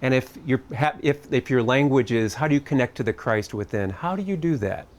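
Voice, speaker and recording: Brisk and animated, a middle-aged man with a medium-pitched voice addresses a family camp. His reflective talk feels conversational, with probing questions for the listeners and touches of gentle humor.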